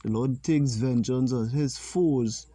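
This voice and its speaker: A man teaching a religious lesson, reading scripture slowly and deliberately and pausing to comment. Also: mid-range voice, warm tone, dry recording.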